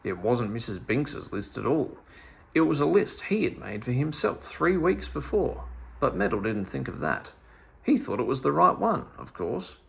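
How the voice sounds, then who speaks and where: Gravelly, expressive male storyteller. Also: mid-range voice, moderate pace. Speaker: storybook reader. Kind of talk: children's story read-aloud.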